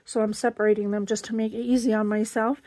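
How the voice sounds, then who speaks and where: A woman's voice: mid-range voice, flat delivery, fast talker, mellow, dry recording. A woman hosting a casual crafting vlog, chatting and gushing as she unboxes a handmade gift. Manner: gushing, chatty, exclaims over each item. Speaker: crafting channel host.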